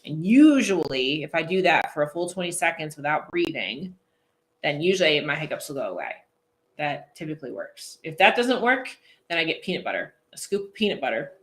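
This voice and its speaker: In a casual live-stream chat, a posing coach coaches her viewers in a low, sing-song voice at a brisk clip. She's chatty and goofy, laughs a lot, and answers comments out loud.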